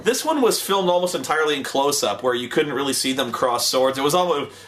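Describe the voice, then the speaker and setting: A man's voice: medium pitch, expressive, brisk, a bit bright. A man giving a comedic review of a television show, sarcastic and profane, retelling scenes with mock voices.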